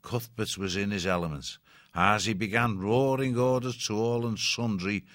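Deep-voiced man narrating a storybook. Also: normal speed, a bit bright, no echo, clean studio sound. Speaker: audiobook narrator.

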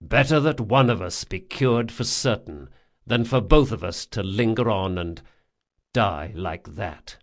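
A man's voice: fairly low pitch, animated. A man doing Jean, a big, loyal, fierce thief. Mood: controlled firm. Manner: measured and firm, bursting into roars. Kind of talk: audiobook character voice.

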